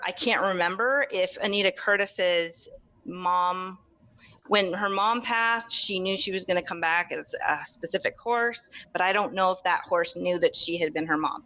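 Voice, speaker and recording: Bright-voiced woman podcast guest. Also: medium pitch, a little slow. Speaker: guest, animal communicator. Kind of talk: casual podcast interview.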